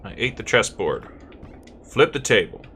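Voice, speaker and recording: A man's voice: fairly low pitch, sing-song, a little slow, sharp tone, a little hiss or hum. A man streaming a video game, reading its text aloud and joking playfully. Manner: playful, reads narration aloud. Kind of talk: casual gameplay commentary and reading game text.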